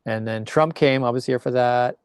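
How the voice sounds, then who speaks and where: A man's voice: medium pitch, normal speed, smooth, no echo, studio quality. An older man, a podcast guest, chatting casually and telling rambling anecdotes with quoted voices. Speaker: podcast guest, longtime teacher in Japan. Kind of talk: casual storytelling chat.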